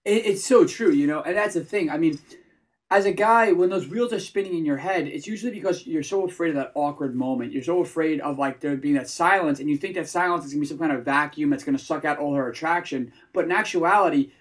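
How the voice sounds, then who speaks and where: A man, a dating coach, giving energetic advice in a casual conversation. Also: fairly high pitch, quick pace. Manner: energetic, acts out example voices.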